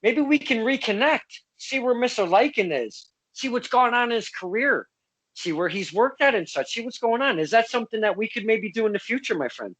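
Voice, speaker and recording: High-voiced chummy podcast host, man. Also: a little fast. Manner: laughs often, relaxed and chummy, many uh fillers. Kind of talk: casual interview.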